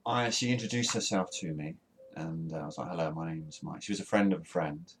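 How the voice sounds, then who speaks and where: A man's voice: sits low, brisk, slight background noise. A British man co-hosting a podcast, chatting casually in a rambling, self-mocking way with lots of restarts and laughter. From Britain. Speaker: podcast co-host. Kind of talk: casual banter.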